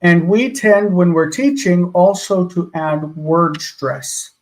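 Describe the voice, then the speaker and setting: A man's voice: high voice, takes it slowly, low-quality recording. A man teaching a live class, patiently sounding out words syllable by syllable. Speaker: Hebrew teacher.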